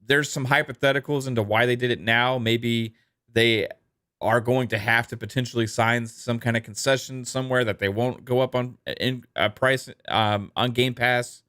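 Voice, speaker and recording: A man's voice: medium pitch, steady tone, moderate pace, pushed and bright, clean tone, no echo, studio quality. Laid-back man reading super chats. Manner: laid-back, laughs easily, many ums and uhs. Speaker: podcast co-host. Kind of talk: casual podcast chat reading super chats.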